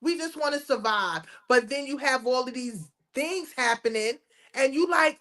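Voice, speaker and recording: A woman co-hosting a casual talk show, animated and gushing, peppering her speech with "you know". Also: sits high, moderate pace. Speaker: co-host. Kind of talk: casual chat.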